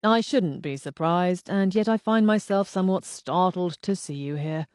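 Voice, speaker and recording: A woman reading the part of a calm, steady male police inspector who speaks in a measured, formal way. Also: sits high, clean tone, no room sound, clean studio sound, lightly acted. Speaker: detective inspector.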